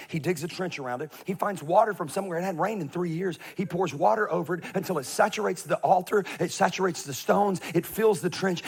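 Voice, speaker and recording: A middle-aged male pastor preaching a humorous sermon, swinging from hushed confession to shouted scripture readings. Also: sits high, creaky, husky.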